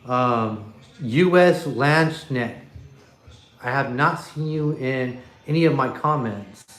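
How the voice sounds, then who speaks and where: A man's voice: medium pitch, takes it slowly, a bit bright, roomy sound. A man hosting a casual livestream from his living room, talking off the cuff into his phone and chuckling as he reads comments. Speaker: livestream host. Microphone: iPhone.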